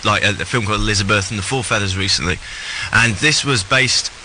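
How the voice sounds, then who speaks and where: Easygoing British man with a bright tone. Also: fairly low pitch, fast talker, slight background noise, rough recording. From Britain. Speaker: guest actor. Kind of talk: casual chat.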